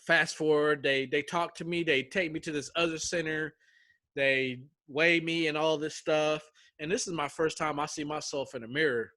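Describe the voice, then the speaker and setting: Young male guest, bright and lively, slangy storyteller, dry close recording. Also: a little high, moderate pace, dry recording. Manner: animated, acts out quotes with slang and swearing. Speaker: guest telling a survival-show story. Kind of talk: casual storytelling chat.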